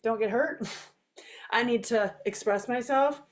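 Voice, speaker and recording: High-voiced woman giving chatty film commentary. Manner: chatty, animated, rushing through thoughts. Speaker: director giving commentary on her own documentary. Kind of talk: live video commentary. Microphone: home video stream microphone.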